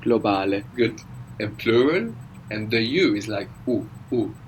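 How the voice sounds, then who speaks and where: Man, language teacher, audio lesson, patient, explanatory, lowish voice, faint background noise. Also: very animated, measured pace, poor audio. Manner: patient, explanatory, tags questions with "no?".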